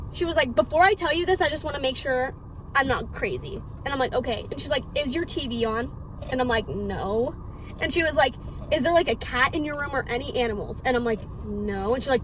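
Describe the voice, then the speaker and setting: A young woman vlogger telling a scary story in a casual, excitable way, swearing often and retelling it dramatically. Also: high-pitched, fast talker, slight background noise. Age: young adult.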